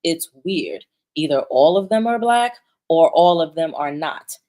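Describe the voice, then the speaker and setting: A young woman delivers opinionated vlog commentary in a fairly low voice. She is blunt and emphatic, swears freely, and often restarts her sentences as she presses her point. Now and then she reads viewer comments aloud. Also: animated, measured pace, warm tone. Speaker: commentary vlogger.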